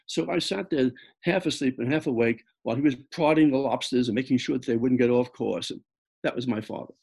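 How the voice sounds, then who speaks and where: A man's voice: medium pitch, brisk, gravelly, a little mellow, breathy edge. An older man from the Bronx, an author telling personal stories in a reflective way that halts often and repeats words. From the Bronx, New York. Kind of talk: personal storytelling talk.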